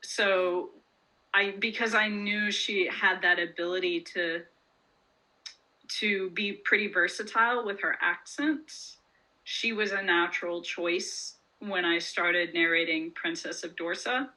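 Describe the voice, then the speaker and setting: A woman author talking loosely in an interview, her voice bright and forward. She rambles a little, peppering her thoughts with "like" and "um", and laughs easily as she goes. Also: lowish voice, steady tone, slow pace, low-quality recording. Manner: chatty, lots of "like" and "um", laughs often. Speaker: author guest. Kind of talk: casual interview chat.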